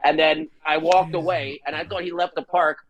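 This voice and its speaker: Young dude from jersey, rambling podcast story, slightly high voice, laughs a lot. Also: male voice, moderate pace, lo-fi sound. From New Jersey, USA. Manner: rambling, animated, laughs through anecdotes. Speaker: guest, band vocalist.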